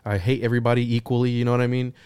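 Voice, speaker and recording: A man chatting on a podcast, telling stories in a rambling, profane, animated way. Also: medium pitch, rapid-fire, smooth, no room sound, studio quality. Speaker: podcast guest. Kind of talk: casual podcast chat.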